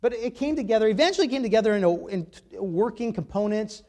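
A man preaching a sermon, reading scripture aloud with emphatic, dramatic swings between loud and soft. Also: high-pitched, animated, fast. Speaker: pastor.

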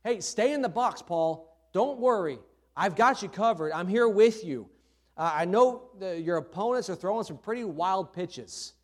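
A man's voice: high voice, animated, normal speed, voice pushed up. A man voicing the Lord reassuring an apostle in a casual, friendly way.

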